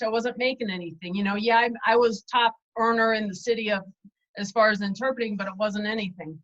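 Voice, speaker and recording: A woman's voice: medium pitch, a bit bright. A woman guest telling her story candidly in a casual interview, over a dull lo-fi video call. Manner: chatty, candid, self-deprecating.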